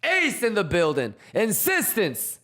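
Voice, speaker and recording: Man, high bright voice, unhurried, casual livestream chat, slangy hyped shout-outs. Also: huge pitch swings. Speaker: crypto trading streamer.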